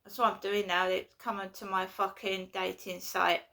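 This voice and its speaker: A woman's voice: mid-range voice, level tone, moderate pace, creaky, sharp tone. A woman, ranting and swearing in a home vlog, repeating herself as she gets worked up. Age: 50s. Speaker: vlogger. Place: at home indoors.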